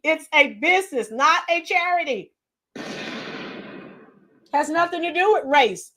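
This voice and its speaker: A woman's voice: sits high, a bit bright. A middle-aged woman hosting a casual live stream. She answers chat comments by name and gives blunt, opinionated commentary.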